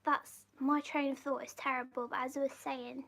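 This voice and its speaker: High-voiced British woman whispering chat. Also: level tone, moderate pace, vocal fry, fairly bright tone. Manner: chatty, rambling and giggly. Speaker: livestream host reading viewer comments. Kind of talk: soft-spoken live chat, often whispered.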